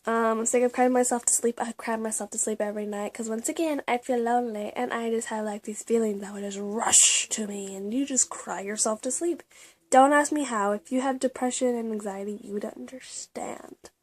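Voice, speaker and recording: A young woman vlogging about her personal journal in a confessional, halting way, with many fillers and restarts. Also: medium pitch, darkish tone. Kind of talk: casual personal vlog.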